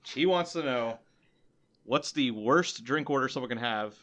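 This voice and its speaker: A man's voice: mid-range voice, lively intonation, measured pace, a bit bright. A man on a casual podcast, reading out a listener question with a hesitant delivery. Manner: hesitant, many fillers. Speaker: podcast co-host.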